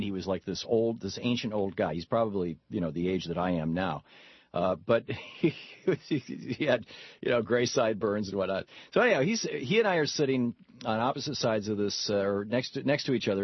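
A male talk radio host with a husky, somewhat low voice that rambles through his stories, restarting his sentences as he goes. The sound is dry and a little dull, with no room around it. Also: dry recording. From Michigan, USA. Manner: rambling, storytelling with frequent restarts.

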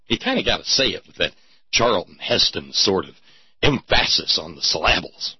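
A man's voice: sits low, big pitch swings, normal speed, slightly rough, no echo, lo-fi sound. A man delivering a sarcastic, mocking commentary monologue with theatrical emphasis.

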